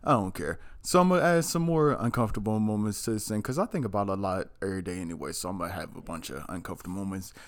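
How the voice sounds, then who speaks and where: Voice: sits low, very fast, few pauses. A podcast co-host speaking frankly in casual chat. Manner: frank, animated.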